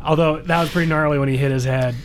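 A man co-hosting a podcast who rambles and jokes as he recaps the episode. His voice sits a little high for a man. There is a faint hiss of background noise behind him. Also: fairly even intonation, fast talker. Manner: joking, rambling, playful impressions. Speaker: podcast co-host. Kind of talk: casual recap chat.

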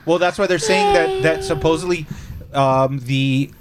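A man's voice: on the high side, measured pace, noisy background. A man talking casually in a group chat, rambling and restarting as he tells a story.

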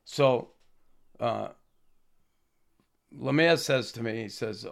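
A man, a former hockey player telling an animated anecdote and acting out quotes. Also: medium pitch, slow, vocal fry. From Boston area. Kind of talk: anecdotal storytelling.

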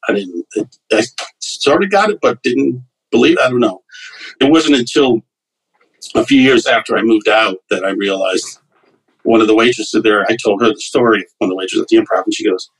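Husky-voiced man telling stories. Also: on the low side, brisk, low-quality recording. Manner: loose anecdotal, lots of fillers and restarts. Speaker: comedian guest. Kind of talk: casual storytelling interview.

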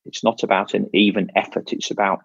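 Man, coach, casual advice, low gravelly voice, husky, dry muffled sound, restarts phrases. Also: little pitch movement, a little fast, no echo. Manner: restarts phrases often, explains step by step. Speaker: triathlon coach.

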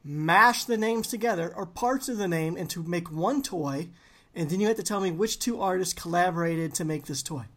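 A woman co-hosting a casual podcast chat, telling stories with lots of laughter and quick asides. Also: fairly low pitch. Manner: animated storyteller, laughs often. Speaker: podcast co-host.

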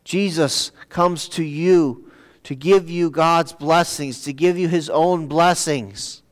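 A man preaching a sermon, pausing and repeating words as he searches for the next phrase. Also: a little high. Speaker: pastor. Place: church sanctuary. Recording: long church reverb.

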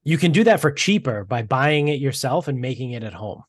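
A man's voice: mid-range voice, animated, a little fast, no echo, studio quality. A young man co-hosting a casual podcast, rambling with lots of fillers and some swearing. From Massachusetts. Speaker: podcast co-host. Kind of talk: casual chat.

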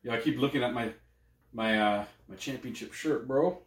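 A young man shoots the breeze on a podcast, swearing and cracking crude jokes between laughs. His voice sits in a middle pitch. The room around him gives a noticeable echo. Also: normal speed. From Canada. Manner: crude, joking, laughs often. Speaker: podcast co-host. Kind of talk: casual chat. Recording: roomy echo.

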